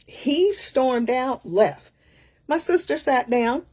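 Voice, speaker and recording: Woman, middle-aged, husky, sassy, animated storyteller, casual. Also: high-pitched, slow. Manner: animated, sassy, acts out other people's lines. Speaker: career coach.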